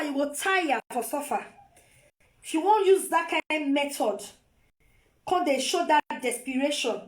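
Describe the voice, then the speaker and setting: A woman's voice: sits high, expressive, moderate pace, slight background noise. A Nigerian woman on a phone live video, lecturing her viewers in a scolding, repetitive way. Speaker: vlogger.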